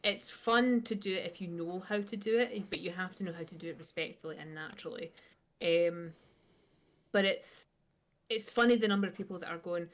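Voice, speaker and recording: A Scottish woman with a low voice co-hosts a casual podcast chat. She is blunt and dry, with a tone of worn-out exasperation. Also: fairly quick. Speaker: podcast co-host.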